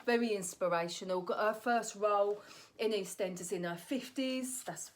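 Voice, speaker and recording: A woman comedian, riffing through a cheeky, rambling monologue. She often corrects herself in mid-sentence. Her voice sits in an ordinary middle pitch. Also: moderate pace. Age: 40s. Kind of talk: comic monologue.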